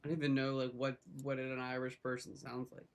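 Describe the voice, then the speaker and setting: A man's voice: mid-range voice, monotone, brisk, creaky. A man co-hosting a live trading stream, chatting casually in an easygoing, rambling way. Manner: easygoing, rambling, laughs often.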